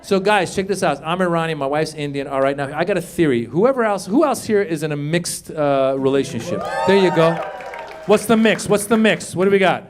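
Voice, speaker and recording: A man doing a stand-up comedy set, loudly working the crowd on a club stage. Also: on the high side, brisk. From Iran. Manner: loud animated crowd work. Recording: live club with crowd noise. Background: audience laughter.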